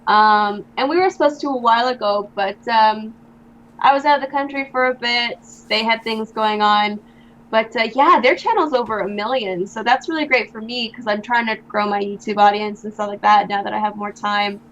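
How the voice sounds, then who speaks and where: A woman's voice: fairly high pitch, normal speed, a bit bright, lo-fi sound, slight background noise. A young woman guest in an interview, chatting casually and telling stories with many fillers. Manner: chatty storyteller, lots of likes and ums.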